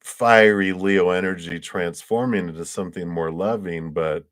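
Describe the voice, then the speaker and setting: A man's voice: low-pitched, fairly even intonation, moderate pace, a bit bright. A man giving a casual, upbeat and reassuring tarot reading on a livestream, a little drowsy and yawning. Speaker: tarot reader.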